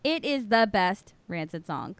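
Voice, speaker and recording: A woman's voice: medium pitch, big pitch swings, unhurried, clean tone, dry recording. A woman co-hosting a podcast, chatting casually in a blunt, confident way with casual swearing. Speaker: podcast co-host. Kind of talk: casual chat.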